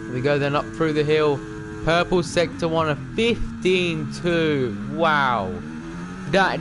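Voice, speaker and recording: A young man streaming a racing game live, talking to the other drivers and calling his own laps in excited commentary. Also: a little high, noisy background.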